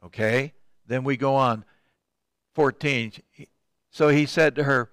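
A man's voice: medium pitch, slow pace, long pauses, fairly bright tone, smooth, no room sound, clean studio sound. An older man teaching a Bible study, reading scripture aloud and commenting in a conversational way, with frequent ums and restarts.

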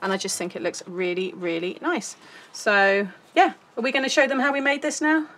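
Chatty British craft host. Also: female voice, mid-range voice, normal speed, a bit bright. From United Kingdom. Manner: chatty, rambling, giggly. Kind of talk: casual craft tutorial chat.

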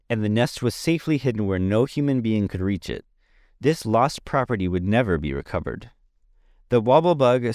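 A man's voice: fairly low pitch, darkish tone, dry recording, clean studio sound. A man giving an amateur audiobook reading of a children's story, plain and dotted with 'uh' fillers. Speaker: podcast reader.

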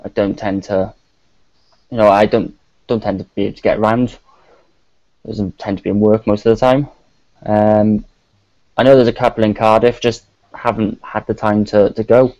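A man's voice: lowish voice, flat delivery, normal speed, pauses often, warm tone, dry recording. A man with a Welsh accent, a guest on a live-streamed chat, laid back with dry humour. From South Wales. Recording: dull lo-fi mic.

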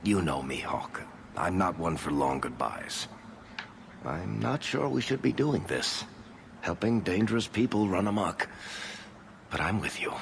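A wry, deep-voiced dwarf. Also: male voice, expressive, measured pace, creaky, pauses often, slight background noise, full character voice. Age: middle-aged. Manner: dry, wry humor. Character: wry, loyal male dwarf storyteller.

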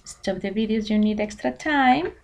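A woman's voice: mid-range voice, normal speed, gravelly, a little mellow. A woman teaching an English class from home, a native Spanish speaker who switches between English and Spanish as she explains grammar. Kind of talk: recorded online class.

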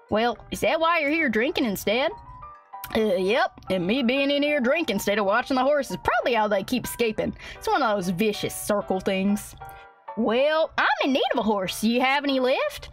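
A woman's voice: high-pitched, sing-song, moderate pace, a bit bright. A young woman streaming a game, reading its text aloud and chatting in a hammy, folksy put-on cowboy drawl. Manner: reads game text aloud, laughs often. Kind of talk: playful let's-play commentary. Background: faint game music.

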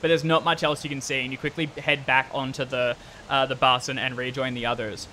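A man's voice: medium pitch, little pitch movement, fairly quick, bright, forceful tone, slight background noise. A man running a tabletop horror game as game master, narrating in a loose, rambling way with many fillers.

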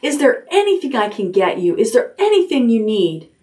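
A woman's voice: a little high, sing-song, moderate pace, a little mellow, roomy sound, voice pushed up. A woman voicing an anxious, eager young male pig who pleads and asks worried questions, in a storybook reading. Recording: voice a little distant from the mic.

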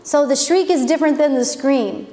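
Her voice is high-pitched and mellow, at a normal speed. She's a Bible teacher giving a chatty, informal lesson and thinking aloud, recorded in a church hall with a long, echoing reverb.

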